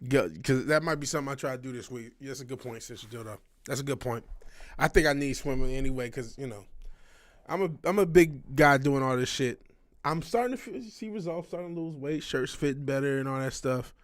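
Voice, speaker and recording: A man's voice: medium pitch, brisk, no room sound. Rambling, frank man chatting on a stream. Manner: rambling, frank, swears often, restarts a lot. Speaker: livestream host. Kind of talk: casual livestream chat.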